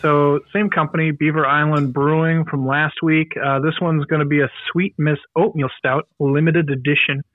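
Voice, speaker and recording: A man's voice: on the high side, flat delivery, moderate pace, hardly any pauses, no echo, phone-quality sound. A man co-hosting a podcast in casual chat, rambling and self-deprecating. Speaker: podcast co-host.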